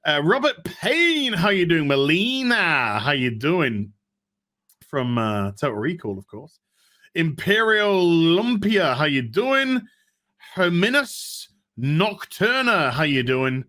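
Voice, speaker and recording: A man's voice: fairly high pitch, sing-song, takes it slowly, sharp tone. A man hosting a casual live stream, chatting and greeting viewers in the chat one by one.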